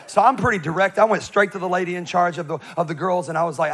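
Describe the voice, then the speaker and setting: A man's voice: a little high, rapid-fire, few pauses. A man preaching a sermon, telling a comic story and acting out the voices in it. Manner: animated, acts out voices in his stories. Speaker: pastor.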